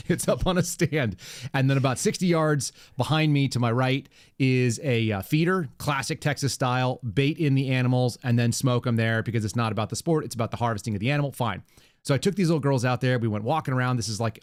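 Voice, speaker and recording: A man's voice: mid-range voice, no room sound. Male podcast host with a mid-range voice who talks casually, rambling and mocking, recorded close and dry. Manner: sarcastic, rambling, quick asides. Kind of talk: casual political podcast chat.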